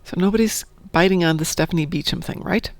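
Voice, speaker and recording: A woman's voice: lowish voice, fast talker, a little mellow, no echo. A woman streaming a game, chatting casually, telling stories and cheering at the game. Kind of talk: casual chat while gaming.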